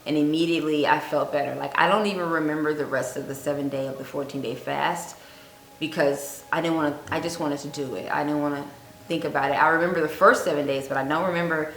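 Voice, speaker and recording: A woman giving earnest fasting advice on her vlog, telling a personal story and repeating points for emphasis. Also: low-pitched, fairly even intonation, fairly bright tone. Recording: echoey room with faint music.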